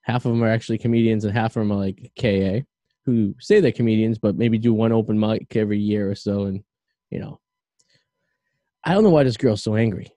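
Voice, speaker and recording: A man hosting a loose podcast conversation, his voice mellow and relaxed. He rambles through opinions with plenty of ums and uhs. The recording is dry and close. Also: lowish voice, brisk, no echo. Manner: rambling, opinionated, with lots of fillers. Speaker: podcast host. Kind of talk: casual podcast chat.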